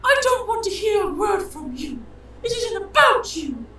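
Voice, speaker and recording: A man voicing a furious, jealous woman in a shrieking high falsetto, as a tabletop game master. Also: sing-song, takes it slowly, over a noisy crowd, full character voice. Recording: echoey room, far from mic.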